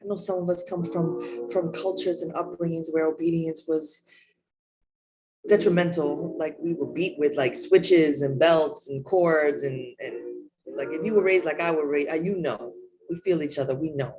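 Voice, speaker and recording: A woman's voice: sits low, fairly even intonation, moderate pace, low-quality recording. A woman preaching a raw, emotional sermon, candid and searching for words. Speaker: spiritual leader. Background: music.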